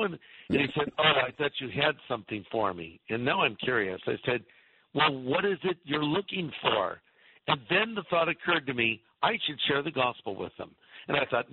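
A middle-aged male pastor telling a lively anecdote in a radio interview, acting out the voices in his story. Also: mid-range voice, fairly quick, breathy edge, no echo. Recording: tinny phone-line radio sound.

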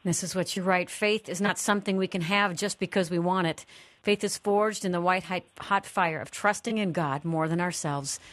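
A woman's voice: fairly low pitch, moderate pace, dry recording. A woman hosting a radio interview, thanking her guest and announcing a giveaway. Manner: warm, thankful. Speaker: radio host. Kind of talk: interview host.

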